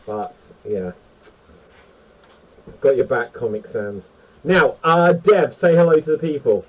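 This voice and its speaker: A man hosting a casual panel chat, excitable and chatty. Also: mid-range voice, slow pace, breathy edge, low-quality recording. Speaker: host.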